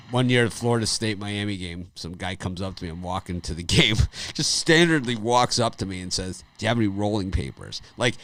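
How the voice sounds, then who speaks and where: A man's voice: medium pitch, fairly bright tone. A middle-aged man hosting a sports betting chat, telling rambling stories, laughing often and repeating phrases. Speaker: sports betting show host. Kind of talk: casual chat.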